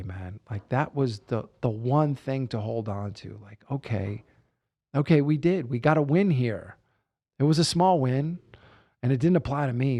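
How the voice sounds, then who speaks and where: Gravelly-voiced man telling a personal story. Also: medium pitch, mellow. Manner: reflective, repeats phrases for emphasis, frequent "you know" and "like". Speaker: guest sharing personal story.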